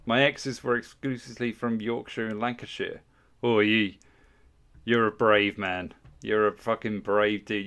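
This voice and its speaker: Streamer, low voice, sweary teasing banter, desk mic. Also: male voice, a bit bright. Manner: crude, swearing, mock-outraged banter with chat. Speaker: livestream host. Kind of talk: casual livestream banter.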